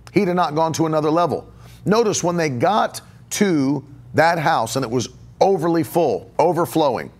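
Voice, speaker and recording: A middle-aged man preaching a podcast sermon, emphatic, repeating phrases for stress and answering viewer questions. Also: on the high side. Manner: takes viewer questions live. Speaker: pastor.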